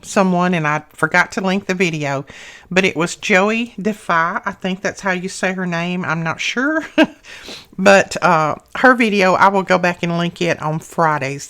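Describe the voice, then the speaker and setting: A woman's voice: lowish voice, a bit bright. A woman hosting a casual craft tutorial, talking through each step in a chatty, homely way with small asides.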